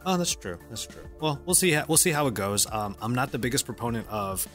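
A man hosting a casual tech podcast, talking in a lively way with frequent laughs and restarts. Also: medium pitch, quick pace, faint music behind. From United States. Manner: lively, laughing, self-correcting. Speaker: podcast host.

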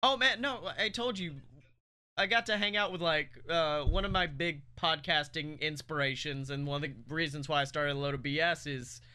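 Man, high bright voice, podcast co-host, rambling, self-mocking, laughing a lot. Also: normal speed, clean tone. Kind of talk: casual podcast banter.

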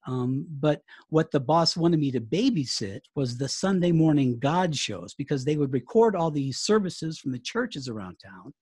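A man's voice: a little high, expressive, normal speed, hardly any pauses, darkish tone, slightly rough, no echo, clean studio sound. A man in his fifties with an American accent, a writer and former radio broadcaster chatting through an interview in a storytelling way. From United States. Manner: storytelling, chatty, with laughs and restarts. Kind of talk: casual interview chat.

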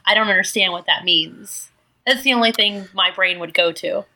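Chatty, bright-voiced woman whiskey fan. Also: mid-range voice, moderate pace. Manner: chatty, inquisitive, laughs easily. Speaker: podcast co-host, whiskey enthusiast. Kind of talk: casual podcast chat.

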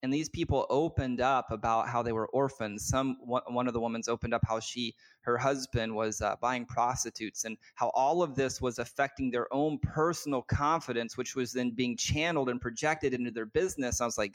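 A brisk man with a mid-range, fairly even voice and few pauses talks as a guest business coach. His candid personal story is told earnestly and from the heart, with lots of filler words and restarts along the way.

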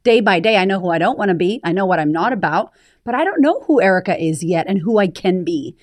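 Candid woman, low and dry. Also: lively intonation, fast talker, dry recording. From United States. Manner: open, emphatic storytelling. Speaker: podcast guest, confidence coach. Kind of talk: candid interview conversation.

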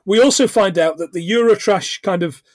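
A man's voice: high voice, fairly quick, crowd noise. A man in his forties co-hosting a casual film podcast, recapping the plot with jokey asides and frequent laughter. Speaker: podcast co-host.

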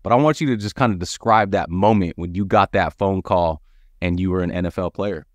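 A lower-voiced man hosts a podcast, asking questions in a friendly, relaxed way with a few fillers and restarts. His voice sits close to the mic with no echo around it. He sounds like a fan talking with his guest. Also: fairly quick. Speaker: podcast host. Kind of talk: casual interview questions.

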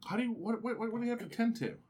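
Animated, excitable man co-hosting. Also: very high-pitched, racing. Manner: excitable and profane, jokey. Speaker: podcast co-host. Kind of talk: casual chat.

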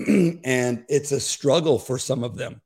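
A man's voice: medium pitch, slow pace, creaky, a little mellow, breathy edge. A man hosting a commentary show, talking in an earnest, rambling way. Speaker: host. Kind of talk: casual spoken commentary.

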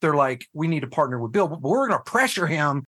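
A man talking casually on a podcast, telling a personal story with lots of swearing and sudden jumps into shouted disbelief. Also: on the high side, big pitch swings, a little fast, husky. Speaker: guest, head of a fathers' nonprofit.

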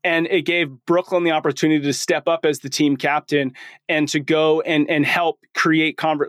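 A man's voice: a little high, flat delivery, moderate pace, a bit bright, no room sound, clean studio sound. A man in his forties hosting a podcast, talking in a casual, slangy and enthusiastic way. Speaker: podcast host.

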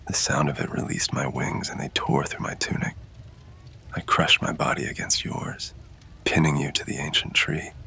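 A man in a whispered role-play, his voice pitched extremely low and full of gravel, breathy and close yet crisp at the edges. he narrates intimately in first person, never raising it above a hush.

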